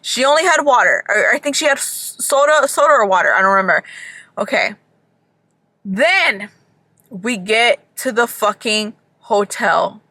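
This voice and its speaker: Young woman vlogger, high, bright voice, dry close sound, chatty and animated, swears a lot. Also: a little slow, no echo. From Georgia. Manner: animated, swearing, acts out people in bursts. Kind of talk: casual storytime chat.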